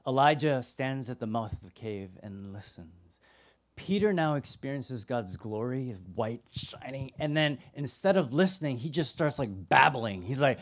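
A young man preaching a sermon, telling stories with lively acted-out voices and sudden drops to a hushed tone. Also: medium pitch, normal speed. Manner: animated storytelling, acts out voices, drops to a hush. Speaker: pastor.

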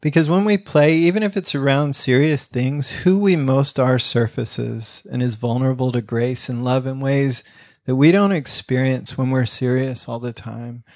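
A man preaching a conversational sermon, telling a story in a relaxed way with many fillers, then leading a closing prayer. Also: medium pitch, normal speed, dry recording, clean studio sound. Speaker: pastor.

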